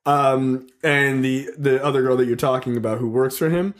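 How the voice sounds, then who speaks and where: Animated, swearing podcast man. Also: medium pitch, moderate pace. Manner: animated storytelling, swears freely, acts out scenes. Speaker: podcast co-host. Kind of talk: casual chat.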